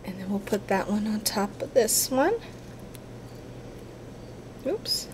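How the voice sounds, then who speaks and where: A woman's voice: mid-range voice, expressive, slow, noisy background. A woman giving a casual crafting tutorial, chatty and a little apologetic, talking to herself as she works at her craft table.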